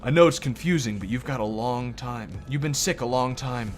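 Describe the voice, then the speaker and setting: Dude reading a chill reassuring cop guy, low-key, talks people down. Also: soft background music, close to an everyday voice. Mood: calm. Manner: soothing, measured, low-key. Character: calm male detective, steady and reassuring. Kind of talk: reading game dialogue aloud.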